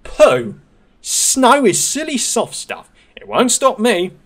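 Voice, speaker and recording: A man voicing a cocky, boastful little male tank engine in a storybook reading, with a high, squeaky, drawn-out delivery. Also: wildly swooping pitch, a bit bright, exaggerated voice.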